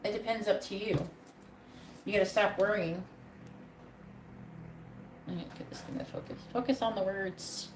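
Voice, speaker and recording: A woman's voice: mid-range voice, fairly even intonation, normal speed, long pauses. A woman giving a live tarot reading, talking in a blunt, profane way with a pep-talk delivery. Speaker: tarot reader. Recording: echoey room with faint background noise.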